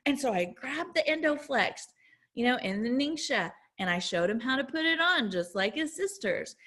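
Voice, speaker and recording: A woman in her forties sharing a faith-filled testimonial as an essential oils educator, telling her stories in an animated, exclamatory way. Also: sits high, moderate pace.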